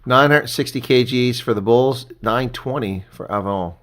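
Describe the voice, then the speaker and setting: Man, live reaction commentary, casual chatty delivery, excitable at key moments. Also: mid-range voice, moderate pace. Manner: casual, gets excited on big plays.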